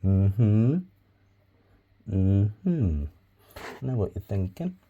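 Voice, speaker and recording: Over phone-quality sound with slight background noise, a male crafting vlogger makes clay pots in an informal tutorial, rambling, swearing, and muttering asides. His fairly low voice is very animated, and he draws out his words.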